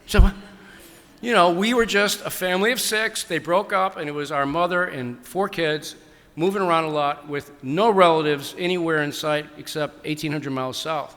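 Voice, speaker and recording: An enthusiastic older man talks with an audience, circling back and restarting his thoughts. His voice is bright and forceful and sits a little high. The sound carries the long reverb of a big hall. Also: moderate pace. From New England. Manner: rambling, enthusiastic, many restarts. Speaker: author at book festival Q&A. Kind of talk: casual audience Q&A. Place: large hall.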